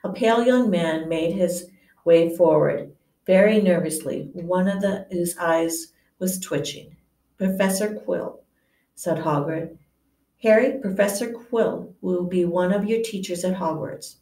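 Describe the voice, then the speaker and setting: A woman reading a novel aloud to listeners, unhurried, often stumbling and correcting herself, and acting out a stammering character. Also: fairly low pitch, mellow, echoey room, far from the mic. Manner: unhurried, stumbling over words and self-correcting; acts out a stammer for the nervous professor.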